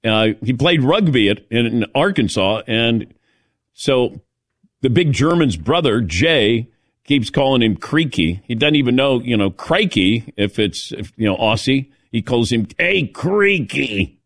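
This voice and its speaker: A man's voice: medium pitch, expressive, a little slow, dry recording, studio quality. A man hosting a talk show, bantering casually with his crew and calling on them by name, often laughing.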